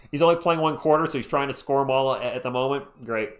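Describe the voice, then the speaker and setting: A man hosting a live fan play-by-play stream, chatty and excitable, reading and answering viewer chat as he calls the game. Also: mid-range voice, a little fast. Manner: excitable, voice jumps up when thrilled.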